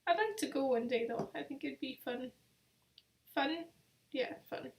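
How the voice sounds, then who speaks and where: A woman's voice: high-pitched, measured pace, a little mellow, a little hiss or hum. A young woman hosting a casual live travel quiz, chatty and rambling, with self-deprecating asides. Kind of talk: casual live-stream chat.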